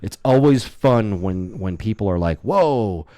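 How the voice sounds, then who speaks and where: A man co-hosting a casual podcast, telling stories in a rambling, animated way with many restarts. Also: lowish voice, unhurried, no echo, studio quality. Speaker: podcast co-host. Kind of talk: casual chat.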